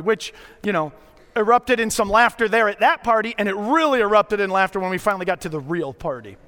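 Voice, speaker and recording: A middle-aged man preaching a sermon as a pastor, telling stories in a conversational way with dramatic pauses. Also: very high voice, bright, forceful tone. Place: church sanctuary. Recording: long hall reverb.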